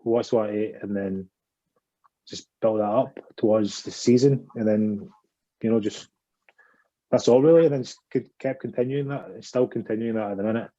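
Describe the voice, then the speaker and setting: A man's voice: on the low side, steady tone, moderate pace, mellow, lo-fi sound. A man answering interview questions plainly and a little hesitantly. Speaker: cricketer, guest.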